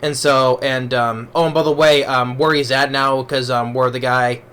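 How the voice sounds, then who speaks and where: A man's voice: medium pitch, flat delivery, moderate pace, a bit bright, smooth. Rambling man reviewing a movie. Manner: rambling, with many restarts and fillers. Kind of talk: casual spoken movie review.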